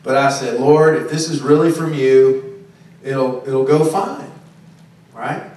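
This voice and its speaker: Speaking slowly in a mid-range, slightly mellow voice, this male pastor gives a sermon in a chatty manner, repeatedly asking the congregation "okay?" and "right?" It's a distant room recording with heavy echo.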